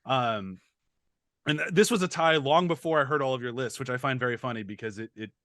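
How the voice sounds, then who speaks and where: A man's voice: medium pitch, a little fast, a bit bright, no room sound, clean studio sound. A man co-hosting a film podcast in casual chat, enthusiastic, laughing often and swearing casually. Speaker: podcast co-host.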